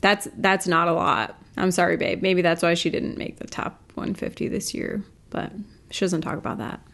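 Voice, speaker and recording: A woman's voice: lowish voice, moderate pace, vocal fry, a bit bright. Skeptical woman commenting casually. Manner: skeptical, explaining, conversational. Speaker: reaction video host.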